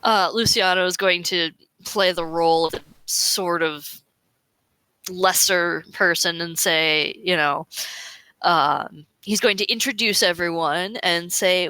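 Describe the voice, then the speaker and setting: A woman's voice: on the low side, slow, bright, forceful tone, clear, resonant tone, dry recording, low-quality recording. A woman player in a tabletop game, explaining her character's plan with some hesitation. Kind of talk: casual tabletop play.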